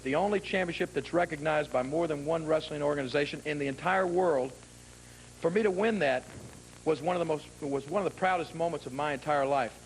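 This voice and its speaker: A pro wrestler speaking in a TV studio, earnest and emphatic, piling up repeated phrases for force in a wrestling promo. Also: male voice, fairly high pitch, gravelly, a little hiss or hum, rough recording.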